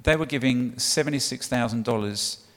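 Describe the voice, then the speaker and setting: A middle-aged English guest preacher for a child sponsorship charity talks to a church congregation at normal speed, his medium-pitched voice a bit bright. It's a chatty sermon, thick with ums and restarts. Recorded in a church hall, it carries the long reverb of a large space.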